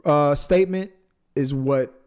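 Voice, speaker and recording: A man's voice: fairly high pitch, unhurried, darkish tone, clear, resonant tone. A man co-hosting a casual movie podcast, rambling and joking as he talks through the news. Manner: jokey, rambling, self-correcting. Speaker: podcast co-host.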